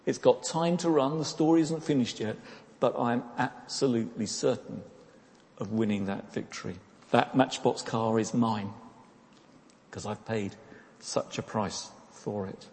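A man's voice: medium pitch, a little slow, a little mellow. A man preaching a sermon in a conversational way, often asking rhetorical questions and repeating words as he goes. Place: church. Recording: long reverb of a church hall.

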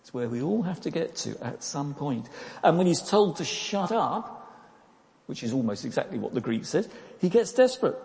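A man preaches in a relaxed, chatty manner, tossing in questions to his listeners and stumbling over repeated words. His voice is mellow and warm. It rings out with the long reverb of a church hall. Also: on the high side, normal speed, gravelly. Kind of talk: sermon.

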